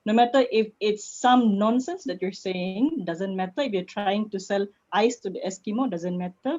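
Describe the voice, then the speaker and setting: A woman's voice: medium pitch, moderate pace, hardly any pauses, dark tone. A woman from Malaysia with a Malaysian English accent, a public speaking coach giving an online workshop talk in a playful, teasing way, swinging her voice up and down to demonstrate. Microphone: video call. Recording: dull, lo-fi video call audio.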